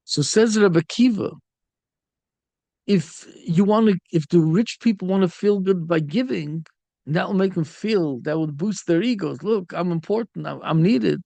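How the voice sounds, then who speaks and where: A rabbi teaching a Torah lesson, his voice high and gravelly with a rough, fried edge. He tells parables with feeling and slips into the voices of the figures he quotes. The sound is dry and close, with no room echo. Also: moderate pace. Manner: animated storytelling, acts out quoted speakers. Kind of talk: Torah lecture.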